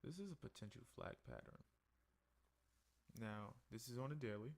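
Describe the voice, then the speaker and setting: In a creaky, mid-range voice at a normal pace, a tired forex analyst talks through his charts for a casual weekly screen-share review. He sounds sleepy and yawns between points, keeping things relaxed and conversational.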